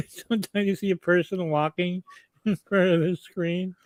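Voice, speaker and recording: A man's voice: high voice, steady tone, a little slow, no room sound. A man co-hosting a podcast who chats casually and laughs as he talks. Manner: amused, laughs while talking. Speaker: podcast co-host. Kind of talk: casual chat.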